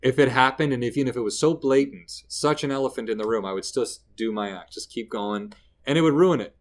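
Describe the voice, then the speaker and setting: A man's voice: mid-range voice, quick pace. A man from Canada, a comedian guest in a casual interview, telling stories and acting out the people in them. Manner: animated, acts out quoted people mid-story.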